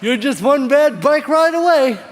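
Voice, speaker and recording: A man doing a self-mocking stand-up set in a deadpan, punchy way, on a theater stage before a live audience. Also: very high-pitched, measured pace. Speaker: stand-up comedian. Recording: reverberant hall with loud crowd noise.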